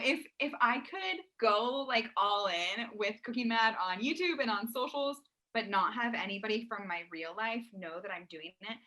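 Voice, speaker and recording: A woman's voice: medium pitch, bright, forceful tone, rough recording. A woman guest on a podcast who creates food content, chatting in an earnest way and laughing easily. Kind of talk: casual chat.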